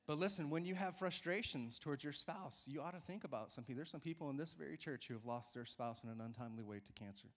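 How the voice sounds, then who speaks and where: A man in his forties preaching a sermon in a church, energetic and coaxing, often urging listeners with "come on.". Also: a little high, quick pace, hardly any pauses. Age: 40s. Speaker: pastor. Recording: church hall reverb.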